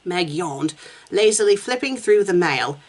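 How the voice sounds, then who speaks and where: An English woman reads a story aloud in a lively, expressive voice, with pitch that swings widely. She keeps breaking off for sarcastic asides and laughter. She sounds amused and mocking. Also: measured pace. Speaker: fanfiction reviewer. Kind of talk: reading a story aloud with commentary.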